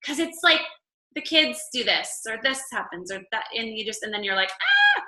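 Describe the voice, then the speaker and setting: A woman with a high, very bright voice coaches her group in a chatty, animated way. She tells stories full of "like" and keeps talking fast and easily. The sound is echoey, as if in a bare room. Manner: chatty, animated storytelling with lots of "like". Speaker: fitness coach leading a group call. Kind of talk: casual coaching talk.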